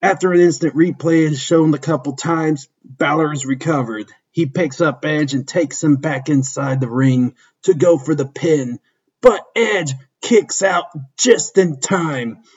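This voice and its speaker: A man narrating a fan-written wrestling story in a steady, plain reading voice, husky, on a dull lo-fi recording. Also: on the high side, measured pace.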